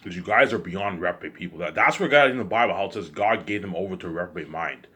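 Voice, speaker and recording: A man's voice: low voice, fast, bright, forceful tone. A man delivering an agitated, repetitive, accusing rant straight to camera. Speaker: vlogger. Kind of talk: ranting monologue to camera.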